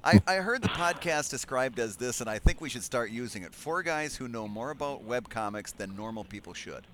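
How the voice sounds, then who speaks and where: A man's voice: medium pitch, animated, fairly quick. Stumbling, self-mocking man on a podcast. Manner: self-deprecating, stumbles over words. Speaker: podcast co-host. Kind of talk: casual chat.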